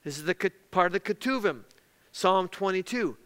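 A male preacher delivers an emphatic teaching sermon. He spells out words and drives home key terms again and again. His high, bright voice rings out in a large hall with a long reverb. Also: animated, normal speed.

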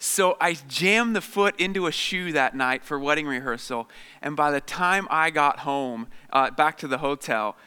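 A man's voice: on the high side, pushed and bright, clear, resonant tone. A man in his thirties, a guest speaker telling humorous, self-deprecating personal stories to an audience, with many fillers. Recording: long reverb of a large hall.

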